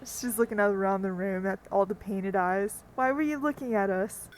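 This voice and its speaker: A woman playing a tabletop game, talking in an anxious, excitable way. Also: medium pitch, moderate pace, poor audio. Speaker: player.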